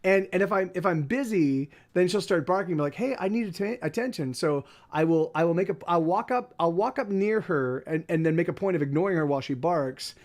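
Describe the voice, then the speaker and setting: A man's voice: fairly high pitch, fairly quick, few pauses. A man hosting a livestream, chatting casually, rambling with lots of restarts and repeated words. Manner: soft baby talk to his dog. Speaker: livestream host. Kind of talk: casual chat.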